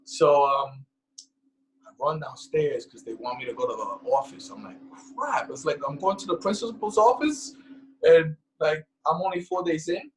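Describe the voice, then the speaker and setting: A man from the Bronx with a New York accent, telling stories in a casual interview and acting out the people in them with loud, high voices. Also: moderate pace, a little hiss or hum, rough recording. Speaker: guest. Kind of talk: casual storytelling in a podcast interview.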